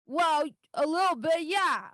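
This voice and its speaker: A woman voicing a sulky young girl who has lost her magic, whiny and halting, in a tabletop game. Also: high voice, expressive, fairly bright tone, no room sound, voice pushed up. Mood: sulky, indignant.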